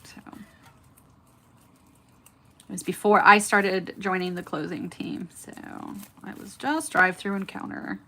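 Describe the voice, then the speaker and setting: A woman's voice: medium pitch, fairly even intonation, measured pace, pauses often, pushed and bright. Woman, 30s, California accent, faint Southern lilt, smiling and chatty while hosting a nail livestream. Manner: smiling, chatty, talks to live viewers by name. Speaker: nail art livestream host. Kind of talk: casual chat while doing nails.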